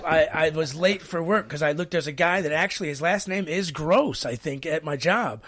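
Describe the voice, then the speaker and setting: A man co-hosting a podcast in casual chat, excitable and stammering as he rambles. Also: a little high, moderate pace. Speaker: podcast co-host.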